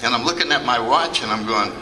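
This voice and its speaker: This fast-talking older man has a medium-pitched voice, and crowd noise can be heard. He addresses a convention audience as a recovery meeting speaker, sharing funny anecdotes and acting out quoted remarks, in a large hall that sounds echoey from the distant mic.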